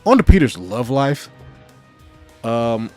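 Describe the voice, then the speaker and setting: A man giving a casual spoken review of an animated show, animated and full of swearing. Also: medium pitch, takes it slowly, soft background music. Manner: animated, heavy swearing, frequent laughs.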